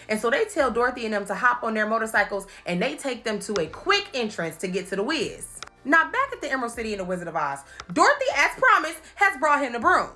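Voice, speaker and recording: A woman recapping movies in a playful, animated comedic commentary, laughing often and slipping into quick impressions. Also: mid-range voice. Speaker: commentary host.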